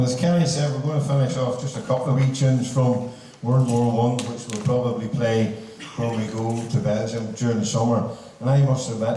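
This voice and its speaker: A man's voice: medium pitch, mellow, a little hiss or hum. A man with a Northern Irish accent speaking to a concert audience, telling a humorous story in a chatty way with local turns of phrase. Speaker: band member speaking at a concert. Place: large hall. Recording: echoey hall, taken from far off.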